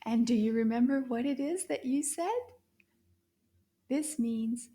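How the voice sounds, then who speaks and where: A woman teaching French to children, speaking slowly and drawing out each word, praising often. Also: sits high, dark tone. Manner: slow, drawn-out repetitions of French words with frequent praise. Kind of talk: slow, encouraging kids' language lesson.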